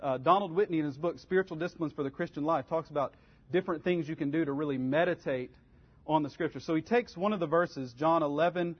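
In a dull lo-fi recording, a man teaches a practical Bible study class, offering step-by-step advice in an earnest, conversational tone. His voice is a little high and he talks fast.

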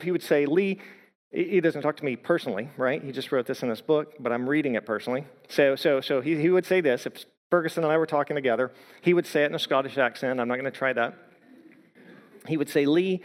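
A man preaching from the front of a church hall, his voice sitting a little high for a man. He talks earnestly in measured phrases and slows right down to stress the lines he quotes. A long reverb trails each word through the room. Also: animated. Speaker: pastor. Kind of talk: sermon.

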